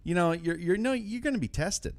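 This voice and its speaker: A man's voice: high voice, animated, brisk. A male host delivering comedic news banter in a brash, joking way.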